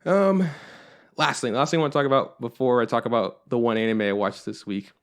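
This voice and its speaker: A man's voice: mid-range voice, a little fast. A young adult man hosting a podcast, chatting casually in a rambling way, with lots of swearing and filler words. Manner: rambling and profane, with frequent fillers. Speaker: podcast host. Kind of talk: casual chat.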